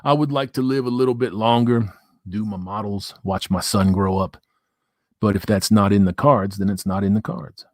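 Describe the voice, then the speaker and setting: A man's voice: on the low side, moderate pace, darkish tone, no echo, clean studio sound. A man hosting a live stream, reading viewer comments and ranting in crude, profane, mocking banter. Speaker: livestream host.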